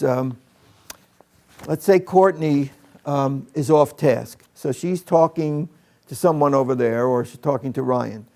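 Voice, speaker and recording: A man demonstrating calm, direct classroom discipline to an audience of teachers. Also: medium pitch, creaky. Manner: calm and direct, speaks to the room. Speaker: teacher trainer.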